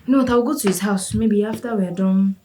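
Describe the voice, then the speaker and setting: A young actress playing an anxious, dutiful daughter who talks softly and apologetically. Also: female voice, mid-range voice, brisk, lightly acted. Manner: soft, apologetic, half-whispered.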